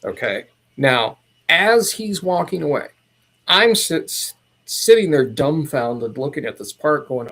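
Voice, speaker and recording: A man who is a podcast guest, recounting a personal story in a casual, meandering and animated way. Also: a little high, takes it slowly, gravelly.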